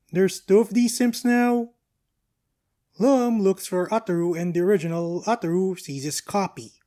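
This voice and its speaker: Anime reviewer, casual episode recap, slangy asides, breezy delivery, mid-range pitch. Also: mellow.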